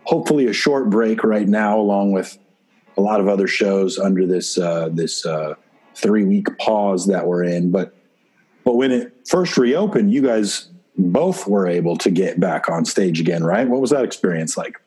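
A man hosting an interview, asking questions in a measured way with some fillers. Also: low voice, warm tone, husky. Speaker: interviewer, host.

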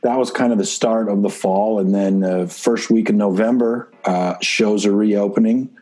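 A man hosting an interview, asking questions in a measured way with some fillers. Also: on the low side, steady tone, a little mellow. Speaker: interviewer, host.

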